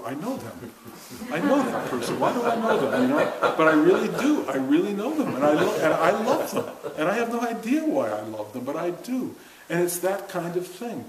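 An older man giving an informal spiritual talk to a class, earnest and conversational, often laughing as he speaks. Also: fairly high pitch. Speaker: spiritual teacher. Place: room with a seated audience. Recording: roomy echo with faint hiss.

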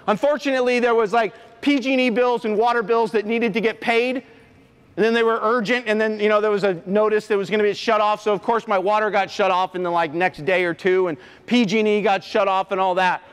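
High-voiced man telling a confessional story. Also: steady tone, fairly bright tone, smooth. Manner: earnest, halting, confessional. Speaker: motivational speaker, former coach. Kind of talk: emotional personal storytelling to an audience. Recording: long hall reverb.

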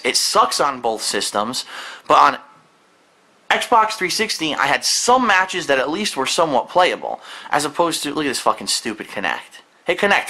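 A man's voice: on the high side, bright, forceful tone, poor audio. A man hosting a gaming video, seated indoors at home and delivering an angry, profane rant to the camera, swearing constantly with a heated, exasperated delivery.

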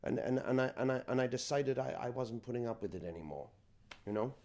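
An actor playing an older Irish film-star hellraiser who stammers, rambles and bristles at any slight, in a comedy sketch interview. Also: male voice, mid-range voice, animated, a little mellow, close to an everyday voice. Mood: boastful. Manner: stammering, rambling, quick to take offense. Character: aging boozy Irish film-star hellraiser, blustering and touchy.

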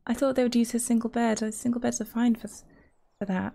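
A young woman chatters excitedly through a life-simulation game, swearing freely. Her voice is slightly high, with a gravelly edge and a dark, mellow tone. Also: fast talker. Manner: crude, excitable running commentary with swearing. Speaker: gaming streamer. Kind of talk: casual let's-play commentary.

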